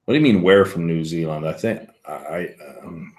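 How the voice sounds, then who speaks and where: A man's voice: deep voice, normal speed, a little mellow. A man hosting a whisky livestream, rambling casually and answering viewer comments as he reads them. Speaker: whisky show host.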